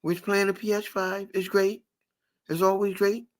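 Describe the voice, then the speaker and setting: A man's voice: high-pitched, little pitch movement, normal speed, natural voice. A man mimicking a smug console-fan guy. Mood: mock content. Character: smug male console fan, flatly self-satisfied.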